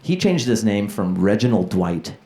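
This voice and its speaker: A man's voice: lowish voice, very animated, normal speed, mellow. A man performing a stand-up comedy set, chatting loosely with the crowd and acting out voices. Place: comedy club stage. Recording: roomy club with crowd laughter. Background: laughing audience.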